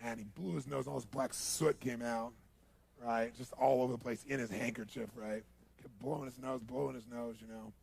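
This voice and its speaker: A man giving a seminar talk, telling a story and acting out the scenes, sometimes bursting into shouts. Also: medium pitch, moderate pace, creaky, husky. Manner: animated, swings to shouting while acting out scenes. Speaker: motivational speaker.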